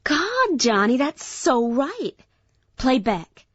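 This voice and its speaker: A man's voice: extremely high pitch, sing-song, slow pace, a bit bright, husky, dry recording, voice pushed up, heavily acted. Dreamy pop singer, woman, done by a male reader, lo-fi audiobook sound. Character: American female pop singer, dreamy and high on ecstasy. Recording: dull lo-fi audiobook.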